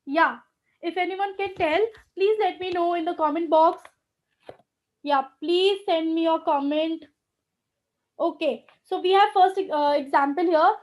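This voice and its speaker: A woman's voice: extremely high pitch, unhurried. A woman teaching grammar in a live online class, explaining step by step and often checking in with "okay".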